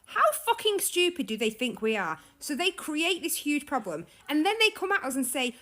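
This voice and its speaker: A woman's voice: high voice, very animated, normal speed, hardly any pauses, fairly bright tone. A woman ranting furiously on social media, sweary and emphatic. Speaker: small business owner. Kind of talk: angry social media rant.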